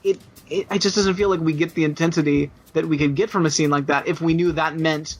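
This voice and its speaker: A man's voice: a little high, fairly even intonation. A man co-hosting a podcast in casual chat, often stalling and repeating words as he argues a point. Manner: halting, repeats words when making a point. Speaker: podcast co-host.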